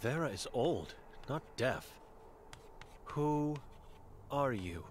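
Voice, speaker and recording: A man's voice: mid-range voice, expressive, extremely slow, background noise. A man reading the chalkboard words of an old blind, mute woman in a game, in terse, broken phrases. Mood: cryptic.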